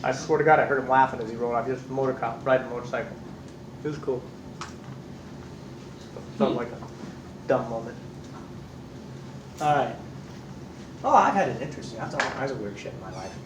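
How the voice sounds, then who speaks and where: Man, middle-aged, from California, class instructor, lively storyteller, swears casually, echoey room, distant mic. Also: mid-range voice, background noise. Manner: animated storyteller, acts out voices, swears casually. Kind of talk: anecdotes in a class.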